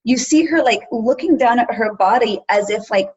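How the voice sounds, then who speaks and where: A woman hosts a relaxed podcast interview and explains ideas through quick, vivid storytelling. Her voice sits a little high. The audio comes through dull and muffled. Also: husky. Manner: lively, explains research in quick storytelling bursts. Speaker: podcast host. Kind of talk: casual interview chat.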